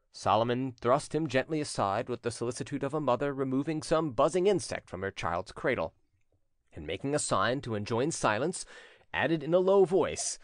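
A man narrating a classic crime story as an audiobook in a dramatic, expressive reading. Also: mid-range voice, moderate pace, no echo, studio quality. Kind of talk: scripted narration.

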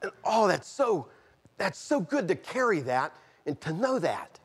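A middle-aged man, preaching a sermon and telling a personal testimony, moving from quiet storytelling to fervent outbursts. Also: high voice, big pitch swings, unhurried, breathy edge. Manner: earnest, swings from quiet storytelling to shouted fervor.

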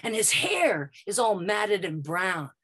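A woman from Brooklyn telling a first-person story on stage, dramatic and vivid, moving between quiet and loud passages. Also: medium pitch, sing-song, slow pace, breathy edge. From Brooklyn, United States.

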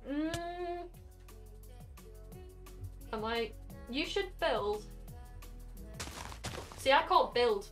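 A young Welsh woman chatting casually with her viewers while playing a game on stream, rambling from one thought to the next. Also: high voice. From Wales. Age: young adult. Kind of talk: casual gaming stream chat.

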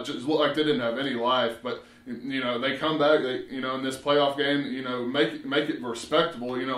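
A man co-hosting a local sports show, breaking down high school football with lots of filler words. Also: a bit bright. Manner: rambling, many "you know" fillers. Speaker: sports reporter co-host. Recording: roomy echo.

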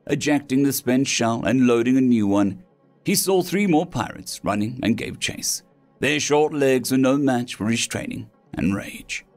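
A man narrating a science-fiction story in a dramatic, expressive reading style. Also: medium pitch. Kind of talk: scripted sci-fi story narration. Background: faint background music.

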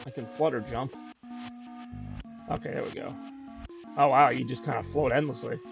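Gravelly-voiced man commenting on a game. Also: mid-range voice, fairly even intonation, normal speed, muffled recording, over music. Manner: chatty, wry, addresses viewers. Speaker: gaming video host. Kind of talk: casual let's-play commentary.

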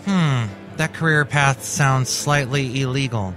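A man's voice: medium pitch, a little slow, loud music behind the voice. A man hosting a comedic solo podcast who talks in a playful, rambling, chatty way. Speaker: podcast host.

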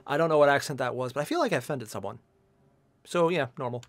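A young man streaming a shooter game, chatting casually and jokily with teammates and bursting into shouts. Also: fairly high pitch, quick pace. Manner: excitable, jokey, sudden shouts. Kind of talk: casual gameplay commentary.

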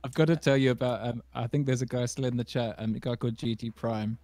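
An eager young English host with a southeast English accent, speaking at an average male pitch. The sound is dry and close, with no room around it. He restarts his sentences often as he chats. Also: fairly even intonation, quick pace, mellow, no echo. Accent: English, southeast England. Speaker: stream host. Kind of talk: casual livestream chat.

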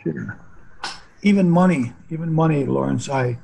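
A man's voice: fairly high pitch, normal speed, gravelly, mellow, slight background noise, low-quality recording. An older man, a hypnotherapist guest, talking in a philosophical, rambling conversational way. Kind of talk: casual conversation.

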